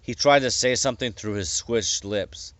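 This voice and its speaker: A man reading his own story aloud in a plain, unhurried way with small stumbles. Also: medium pitch, fairly bright tone, no room sound. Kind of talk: casual audiobook reading.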